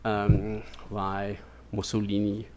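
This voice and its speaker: A man's voice: fairly low pitch, completely flat delivery, slow pace, noisy background. A man giving an academic lecture in a digressive way, checking in with "yeah?" and "no?" as he goes. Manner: digressive, keeps asking "yeah?" and "no?".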